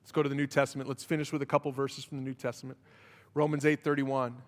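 A male pastor preaching a sermon while emotional, swinging between loud emphatic passages and hushed prayer. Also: mid-range voice, level tone, fast. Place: church. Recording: long church hall reverb.

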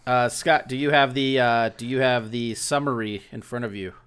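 A man's voice: mid-range voice, fairly even intonation, normal speed, a bit bright, clean tone. A man co-hosting a podcast from home, chatting casually in a joking, laid-back way with loose restarts. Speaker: podcast co-host. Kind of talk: casual chat. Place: indoors at home.

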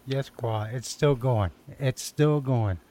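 A man's voice: medium pitch, slow, warm tone. A man hosting a live stream, trading jokes and laughing casually with a caller. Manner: joking, laughs often. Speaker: stream host. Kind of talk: casual chat.

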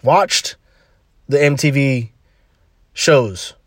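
A man's voice: mid-range voice, very slow, no room sound, studio quality. A man hosting a podcast, giving an emphatic, slangy motivational talk full of repeated punchy phrases. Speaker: podcast host.

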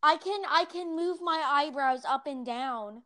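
A woman's voice: high voice, a little slow, sharp tone. A teenage girl chatting casually with friends, bantering playfully and defensively. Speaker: guest friend. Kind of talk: casual chat among friends.

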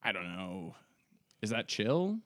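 A man appearing as a podcast guest, rambling through deadpan comic bits in casual banter. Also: on the low side, slow pace, no room sound, clean studio sound.

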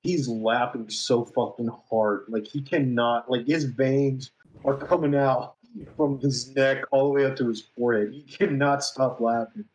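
A man's voice: mid-range voice, fairly even intonation, measured pace, a little mellow. Laughing, swearing storyteller man in an echoey room. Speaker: podcast co-host. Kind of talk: casual storytelling chat.

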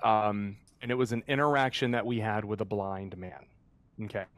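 A man's voice: fairly low pitch, fairly even intonation, moderate pace, dry recording. An earnest man recounts a moving experience from his work as a mascot performer, his speech full of fillers and restarts as he searches for words. The sound is dry and close, with no room around it. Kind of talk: storytelling in a conversational interview.

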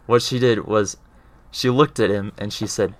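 Male speaker with a fairly low voice, earnest and conversational, explains ideas and often pauses to check in with his listener. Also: fairly even intonation, no room sound. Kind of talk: casual explanatory talk.

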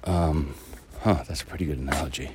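A man with an extremely low, deep voice muses aloud in a casual, rambling monologue, full of fillers and restarts. He is out on a walk outdoors, with a faint hiss of noise behind him. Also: fairly quick. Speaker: podcast host. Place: outdoors, walking a dog through a neighborhood.

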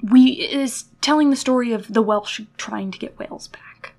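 A woman co-hosting a podcast in casual conversation, speaking. Her voice sits a little high, and she talks through her opinions on shows in a chatty, critical way, laughing easily. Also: normal speed, darkish tone. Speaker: podcast co-host. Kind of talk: casual chat.

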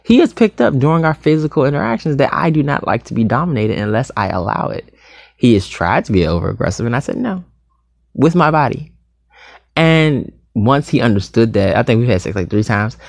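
Sassy man with a gravelly voice. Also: mid-range voice, fairly quick, dry recording, clean studio sound. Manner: sassy, animated, calls viewers honey and sugar; swings between loud outbursts and soft asides. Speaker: vlogger. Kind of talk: candid monologue to viewers.

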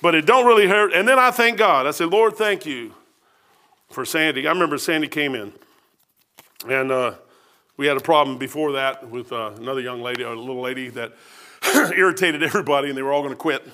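Man, 50s, pastor; homespun, joking sermon in church, high bright tone. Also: fast talker. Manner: folksy storytelling, self-deprecating humor.

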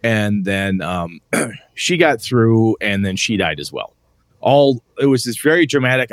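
A man co-hosts a casual podcast and rambles through stories, acting out what his friends said along the way. His voice sits fairly low. It is recorded close and dry, with no room sound. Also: animated, normal speed, dry recording. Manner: rambling storyteller who acts out friends' lines. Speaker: podcast co-host. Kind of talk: casual chat about tabletop gaming.

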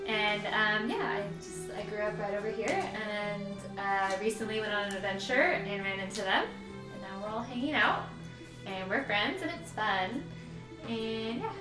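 A woman's voice: medium pitch, normal speed. Bubbly woman playing her character. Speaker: player. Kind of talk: in-character tabletop role-play. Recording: echoey room with music.

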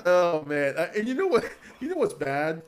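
A man's voice: high-pitched, wildly swooping pitch, moderate pace. A man in his forties hosting a casual livestream podcast, chatty and rambling, laughing often. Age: 40s. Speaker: podcast host.

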